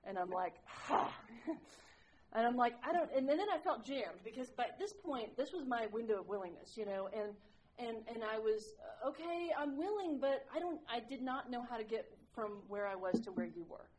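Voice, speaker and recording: A woman's voice: fairly high pitch, animated, brisk, darkish tone, slight background noise, poor audio. A woman sharing her recovery story with a group, candid and self-mocking, rambling with lots of "like"s. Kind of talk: personal recovery share to a group.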